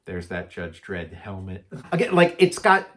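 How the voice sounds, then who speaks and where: A man's voice: low voice, sing-song, moderate pace, fairly bright tone. A man co-hosting a casual chat about movies, rambling with lots of filler words. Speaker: podcast co-host.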